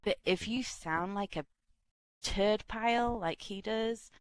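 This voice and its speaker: Woman, casual game chat, profane ranter, unhurried delivery. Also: medium pitch, clean tone, no room sound. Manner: profane, ranting, laughing often. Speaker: online game player.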